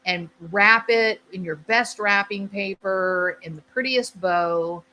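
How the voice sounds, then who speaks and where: A woman's voice: medium pitch, takes it slowly, bright, forceful tone, a little hiss or hum, low-quality recording. A woman voicing a doting husband who earnestly tries to please his wife. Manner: earnest, placating.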